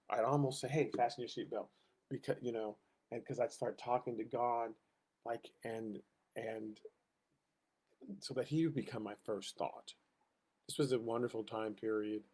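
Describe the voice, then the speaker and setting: A man's voice: fairly low pitch, darkish tone, breathy edge. A middle-aged man teaching a casual Sunday school Bible lesson, telling personal stories and acting out the voices he quotes.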